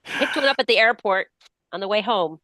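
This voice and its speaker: A middle-aged woman telling her story as a podcast guest, with a slight cold in her voice. She is a lively storyteller who slips into the voices of the people in her tale. The sound is dry and close, with her voice sitting at an ordinary pitch for a woman. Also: a little fast, no echo. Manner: lively storyteller who acts out quoted dialogue. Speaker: author guest. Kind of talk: casual interview storytelling.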